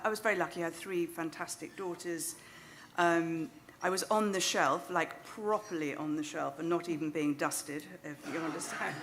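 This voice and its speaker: A woman's voice: on the low side, fairly bright tone, slight background noise. A middle-aged woman with a British English accent, telling a self-deprecating anecdote live on stage into a microphone. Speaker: novelist. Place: stage of a small club venue.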